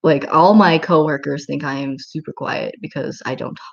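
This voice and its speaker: Casual livestreamer, a woman with a low voice who is chatty, rambling and giggly. The audio is dull and lo-fi. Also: fairly even intonation, moderate pace, gravelly. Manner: rambling and giggly, many filler words. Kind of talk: casual livestream chat reading comments.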